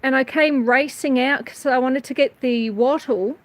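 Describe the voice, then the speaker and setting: A woman's voice: sits high, normal speed. An Australian woman hosting a casual livestream from her outdoor verandah, chatty and a little nervous as she greets viewers by name. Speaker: homestead channel host. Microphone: phone.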